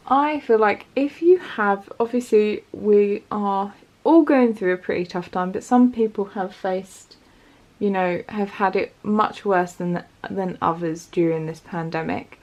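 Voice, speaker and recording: A woman's voice: mid-range voice, a little mellow. A woman giving a casual pick-a-card tarot reading, chatty and encouraging as she talks straight to her viewers. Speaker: tarot reader.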